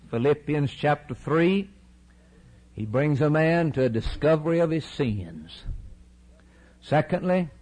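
Man preaching with wild dynamic swings. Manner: dramatic swings from shouted cries to hushed, low asides; quotes scripture in old-fashioned wording. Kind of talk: sermon.

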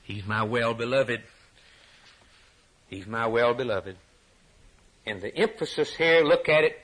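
A man preaching a sermon in a rhythmic cadence, climbing to high, shouted peaks and dropping back to quiet asides. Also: unhurried, long pauses.

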